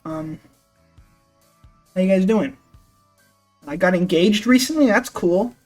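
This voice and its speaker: A man's voice: high-pitched, lively intonation, slow, a little mellow, soft background music. A young man hosting his gaming channel, narrating a game review voice-over in a jokey, sarcastic way with casual swearing.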